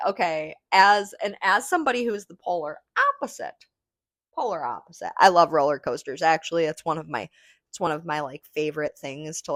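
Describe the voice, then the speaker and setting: Female podcast host, lowish voice, dry close sound; rambling, swearing, easygoing chat. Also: no echo. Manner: rambling, swears freely, laughs often; relaxed, smoking while talking.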